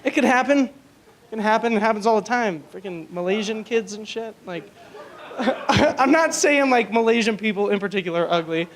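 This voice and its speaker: A man's voice: high voice, normal speed. A young man doing a stand-up comedy set in a small club. He tells crude, rambling stories and fills them with likes and you-knows. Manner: crude, rambling storytelling with many fillers.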